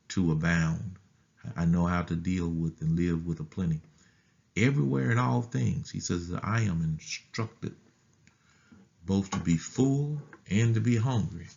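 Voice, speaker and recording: Slow, gravelly deep-voiced pastor. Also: male voice, a little mellow, highs cut off. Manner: deliberate, repeating phrases and restarting words. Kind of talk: Bible study teaching.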